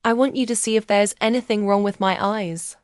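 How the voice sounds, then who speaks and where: A woman's voice: medium pitch, fairly even intonation, fairly quick, clear, resonant tone, no echo, studio quality, close to an everyday voice. A woman doing a puzzled storybook muskrat. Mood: calling. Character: curious sharp-eyed male muskrat, thoughtful.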